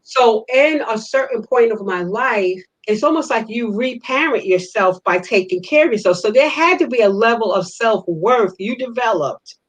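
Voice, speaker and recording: A woman's voice: a little high, lively intonation, moderate pace, few pauses. A woman hosting a discussion on a video call, speaking in a reflective, encouraging way. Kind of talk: casual discussion.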